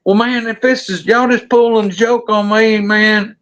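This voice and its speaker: A man voicing his frightened, disbelieving male hunting buddy in a high, rattled, whining voice. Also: sing-song, a little fast, gravelly, breathy edge, muffled recording, full character voice. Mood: panicky.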